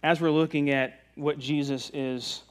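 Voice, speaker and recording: A man from the Virginia mountains preaching a sermon in a relaxed, conversational way, joking with the congregation. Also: on the high side, measured pace. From Virginia mountains, USA. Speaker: pastor. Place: church service.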